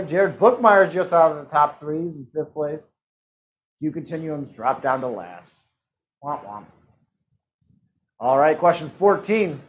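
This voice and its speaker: This trivia host runs a live-streamed game in a casual, joking way, upbeat and tossing in quick laughs and asides. His pitch is fairly high, and the recording is rough.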